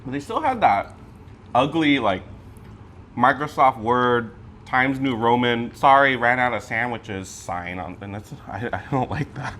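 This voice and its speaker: A man's voice: mid-range voice, a little slow. A man co-hosting a casual mukbang chat at home, sassy and complaining as he eats. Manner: sassy, animated, complaining while eating. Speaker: co-host.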